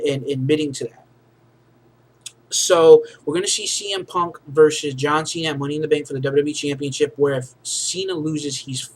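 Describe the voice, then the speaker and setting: Rambling male wrestling reviewer, higher voice. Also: slight background noise, low-quality recording. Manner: rambling, heavy on fillers like "you know" and "basically". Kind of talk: casual recap review.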